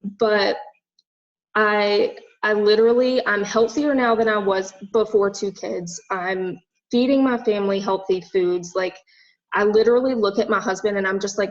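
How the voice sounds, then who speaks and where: A young woman from the American South gives a rambling, heartfelt personal testimony to a group. Her speech is loose and chatty, packed with "like" and "literally." She sits at a mid pitch, and the recording sounds dull and lo-fi. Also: fairly even intonation, moderate pace. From Southern United States. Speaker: fitness and nutrition coach.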